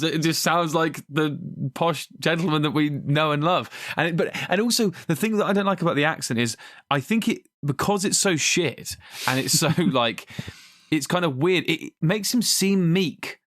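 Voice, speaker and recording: A man's voice: fairly high pitch, normal speed, a bit bright, dry recording, clean studio sound. A man co-hosting a podcast, chatting casually and animatedly about a film, exasperated and swearing. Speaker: podcast co-host. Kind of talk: casual chat reviewing a film.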